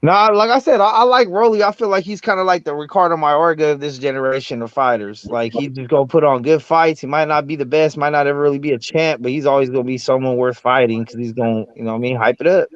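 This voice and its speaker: Man, boxing podcast co-host, slangy casual banter, higher voice, dry dull recording. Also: steady tone, fast, few pauses, no echo. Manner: laid-back slangy banter.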